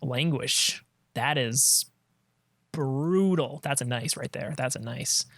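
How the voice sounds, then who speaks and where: A man's voice: mid-range voice, a little slow, dry recording. Man streaming a card game; chatty play-by-play that trails off, mid-range voice, dry close mic. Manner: thinking aloud, trailing off and restarting. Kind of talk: casual gameplay commentary.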